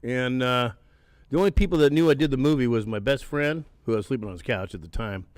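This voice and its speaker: A man's voice: mid-range voice, quick pace, clean tone, no room sound. A man in his sixties, a podcast guest, telling casual stories, swearing freely and laughing as he goes. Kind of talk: casual storytelling. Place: haunted attraction venue.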